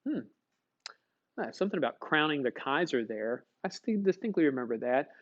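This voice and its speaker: A man teaching a history class in a folksy, chatty way, often stopping to put questions to his students. His voice sits a bit high for a man. The recording sounds dull and lo-fi. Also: very animated, normal speed. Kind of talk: classroom lecture.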